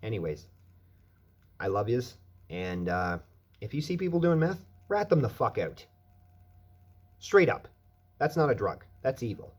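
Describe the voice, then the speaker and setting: A man's voice: medium pitch, very animated, measured pace, long pauses. A man delivering a profane, angry rant as a vlogger, swearing constantly.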